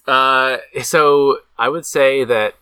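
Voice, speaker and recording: Bright-voiced, rambling male co-host. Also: medium pitch, fairly even intonation, takes it slowly, smooth, no room sound. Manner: rambling, hesitant, goofy. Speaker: podcast co-host. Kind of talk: casual podcast banter.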